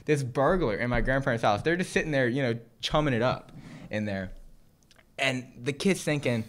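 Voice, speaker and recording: A man's voice: medium pitch, lively intonation, fairly quick. Young male podcast co-host, storyteller who laughs and acts out his characters, from Southern California. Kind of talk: casual storytelling.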